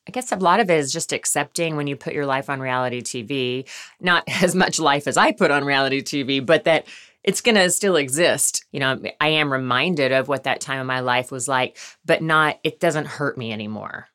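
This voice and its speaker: A woman giving candid, thoughtful interview answers, speaking calmly about a hard past. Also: extremely low pitch, moderate pace. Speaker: interview guest.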